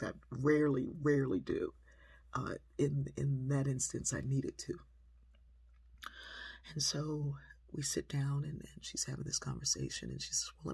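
Very husky woman telling a story. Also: very deep voice, dry recording. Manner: lively, conversational, acts out quotes. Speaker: speaker, storyteller. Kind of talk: personal storytelling.

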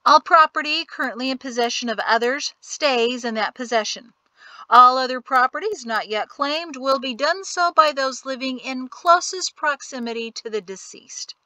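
A heavyset, wheezing townsman lays out his proposal in formal, announcing tones, read by a woman. The voice is raised, bright and forceful, recorded close and dry. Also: high-pitched, normal speed, dry recording, pitched above the performer's own voice, rough recording. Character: bulky wheezing man making a proposal.

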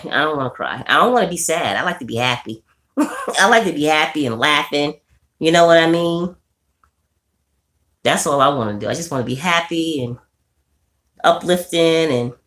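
A woman chats casually on her livestream, with a voice that sits fairly low. She laughs often, sinking to a quiet, somber tone and then jumping up high and bubbly as she greets her viewers. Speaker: livestream host.

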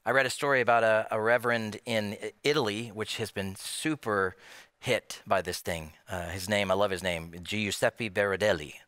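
A pastor delivers a sermon in a bright, forward voice, lively and full of rhetorical questions. He slips into the voices of imagined people to make his point. The sound is close and dry, with no room around it. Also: fairly low pitch, moderate pace, clean tone, no echo. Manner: animated, with many rhetorical questions.

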